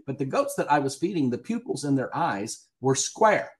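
A man's voice: mid-range voice, sing-song, moderate pace. Chatty Southern man telling stories. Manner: chatty storyteller, laughs often. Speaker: guest actor. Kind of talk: casual podcast interview.

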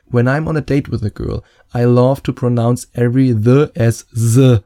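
A man's voice: medium pitch, steady tone, moderate pace, dark tone, no room sound. A man with a German accent, giving dating advice in a playful, joking vlog. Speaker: dating coach.

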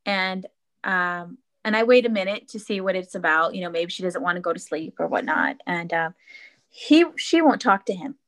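A woman's voice: fairly low pitch, expressive, normal speed. Earnest mother telling a story, faith-minded. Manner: earnest, reflective, with frequent fillers and restarts. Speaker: podcast guest. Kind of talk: casual conversational storytelling.

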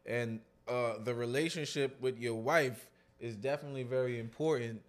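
A man's voice: medium pitch, normal speed. A man co-hosting a podcast in casual chat, laid-back and joking, often trailing off mid-thought. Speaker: podcast co-host.

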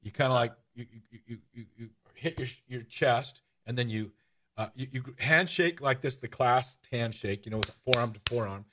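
A man hosting a radio-style podcast, telling stories in a casual, animated way. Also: medium pitch, normal speed. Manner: storytelling, animated, shouts out rallying cries. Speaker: podcast host. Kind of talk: casual radio-show chat.

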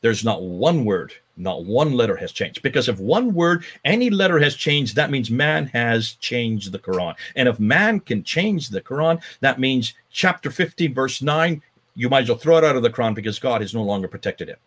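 A husky-voiced man talks through his points with lively, swinging pitch. He speaks emphatically in a conversational lecture style, often restarting his sentences. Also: moderate pace. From United States. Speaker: guest speaker.

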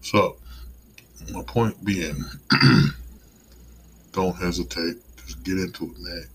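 A man's voice: low voice, takes it slowly, a bit bright, slight background noise, rough recording. A man hosting his own show, giving a casual, digressive and mildly profane motivational monologue. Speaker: podcast host.

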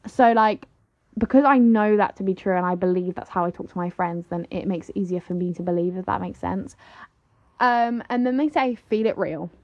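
A woman's voice: mid-range voice, a little fast, a little mellow. Chatty young woman, lo-fi sound. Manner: chatty, lots of "like" and "literally". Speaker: vlogger. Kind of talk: casual chat. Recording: slightly dull lo-fi audio.

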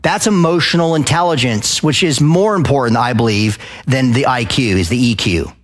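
A man from Arizona speaking at a live event, lecturing an audience in a loud, passionate way and often checking in with "okay?" and questions. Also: mid-range voice, normal speed. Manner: addresses the crowd with frequent "okay?" and questions.

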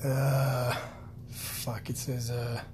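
A man's voice: mid-range voice, flat delivery, very slow, darkish tone, slight background noise. A man co-hosting a podcast in casual chat, blunt and profane with dry wisecracks. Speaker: podcast co-host.

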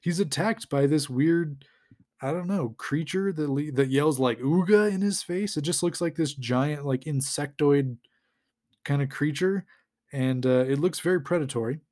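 A man's voice: on the high side, moderate pace, darkish tone. Rambling, chuckly podcast guy. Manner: rambling, chuckling, full of fillers. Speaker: podcast host. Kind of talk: casual comic recap.

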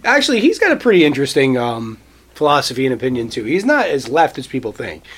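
A man co-hosting a podcast in casual chat, excitable and quick to laugh, with plenty of swearing. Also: medium pitch. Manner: excitable, laughs often, profane.

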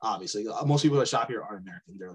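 A man's voice: fairly low pitch, racing, over a noisy crowd. A young man co-hosting a podcast, telling rambling stories in casual chat and laughing often. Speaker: podcast co-host.

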